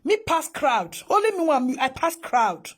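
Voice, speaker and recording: A Nigerian woman with a very high, swooping voice gives an exasperated reaction rant to her online audience. She keeps asking rhetorical questions, jumps between Pidgin and English, and talks close to the mic. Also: big pitch swings, measured pace. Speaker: social media commentator. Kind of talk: reaction commentary.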